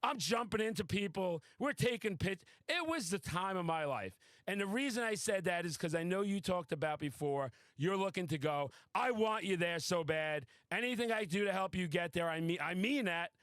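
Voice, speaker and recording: A high-pitched man hosts a casual podcast chat, talking in an excitable, boastful rush and swearing freely. His voice is recorded dry and close, with no room sound around it. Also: normal speed, hardly any pauses, no room sound. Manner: excitable, boastful, profane storytelling. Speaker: podcast host.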